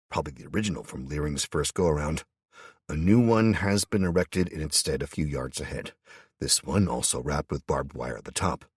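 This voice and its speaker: Very low husky male audiobook narrator. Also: no echo, clean studio sound. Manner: tense, wry first-person telling. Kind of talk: first-person audiobook narration.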